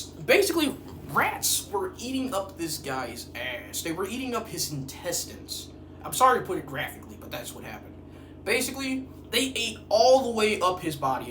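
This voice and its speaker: Profane, rambling man recorded in a roomy space. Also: sits high. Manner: profane, rambling, animated storytelling. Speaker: vlogger reviewing horror films. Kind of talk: casual movie-review rant. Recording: roomy, distant mic with faint noise.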